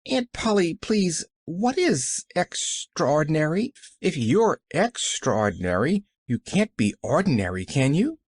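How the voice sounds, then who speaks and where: Man voicing a cheerful chattering little girl, high lively voice, close dry sound. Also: a little slow, few pauses, slightly rough, no echo, full character voice. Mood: eager. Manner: breathless, rambling, cheerful.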